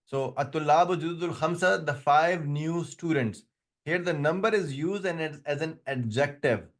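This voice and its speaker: A man's voice: a little high, measured pace. A man who speaks English as a second language, teaching an Arabic grammar class and explaining patiently with frequent restarts. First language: not English; another language first. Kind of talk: online class lecture.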